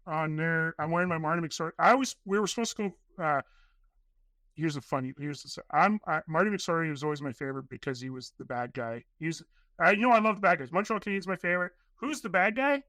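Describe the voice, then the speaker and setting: Excitable rambling storyteller man, bright edge. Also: sits high, fairly quick, no room sound. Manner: excitable, rambling storyteller who acts out quoted voices. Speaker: podcast guest, documentary filmmaker. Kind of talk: casual interview storytelling.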